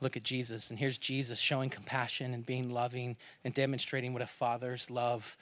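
A man in his thirties, a pastor preaching a sermon and telling stories, swinging between loud emphatic bursts and near-hushed asides. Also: medium pitch, brisk. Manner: animated storytelling, swings from loud to quiet.

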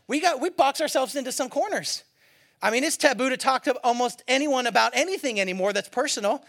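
Male pastor, very high voice, gravelly edge, casual joking sermon, middle-aged. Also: a bit bright. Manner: conversational, joking, acts out quoted voices.

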